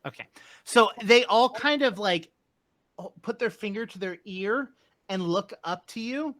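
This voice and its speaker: A man running a tabletop game as game master, explaining rules in a relaxed way with many fillers. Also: high-pitched, a little slow. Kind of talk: narrating and ruling a tabletop game.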